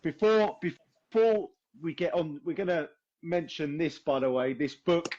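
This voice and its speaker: A young man hosting a podcast over a video call, tired and hoarse, chatting casually and swearing with a laugh. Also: on the high side, animated, measured pace, darkish tone, highs cut off. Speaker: podcast host.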